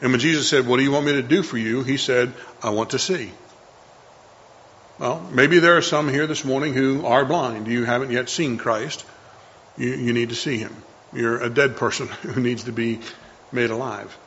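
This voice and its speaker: Earnest man preaching, bright voice. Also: mid-range voice, steady tone, moderate pace, muffled recording, a little hiss or hum. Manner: earnest, conversational, often restarts and repeats lines. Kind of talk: sermon.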